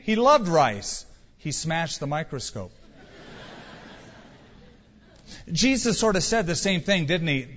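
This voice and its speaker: A man's voice: on the high side, sing-song, slow pace, pauses often, a bit bright. A male pastor preaching a sermon in a conversational storytelling way, asking rhetorical questions, in a church. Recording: reverberant church hall, dull sound.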